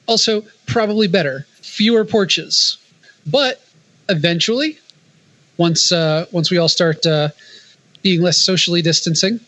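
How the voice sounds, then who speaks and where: A man's voice: a little high, a bit bright, rough recording. Wry man co-hosting a podcast. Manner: dry quips and offhand asides. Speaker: podcast co-host. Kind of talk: casual chat.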